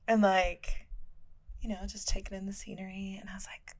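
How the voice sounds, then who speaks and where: Young woman, podcast co-host, expressive storyteller, medium pitch, casual chat. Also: fairly quick. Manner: expressive storyteller, drops into a hushed voice for inner thoughts.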